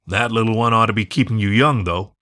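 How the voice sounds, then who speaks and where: A man's voice: on the low side, fairly quick, pushed and bright. A man voicing a friendly bear who talks in a plain, good-humored way. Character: friendly male bear, easygoing.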